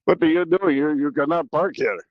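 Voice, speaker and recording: This is a man doing a cranky little old man with a European accent, pitched well above the performer's own voice. He sputters and repeats himself as he nags. The audio sounds slightly dull and lo-fi. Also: brisk, no echo, natural voice. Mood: scolding. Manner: sputtering, repetitive nagging. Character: grumpy tiny old man scolding a driver.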